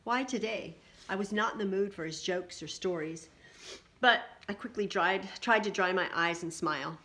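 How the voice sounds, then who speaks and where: A woman reading a picture book aloud in an animated way, adding little asides to her listeners. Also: medium pitch, normal speed.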